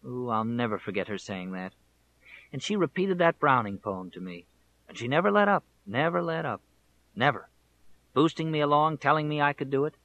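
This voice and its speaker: A man's voice: medium pitch, expressive, moderate pace, fairly bright tone, dull audio, voice pushed up. A man voicing an earnest elderly countrywoman. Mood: reminiscing. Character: elderly small-town woman, fond and earnest. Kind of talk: audiobook character reading.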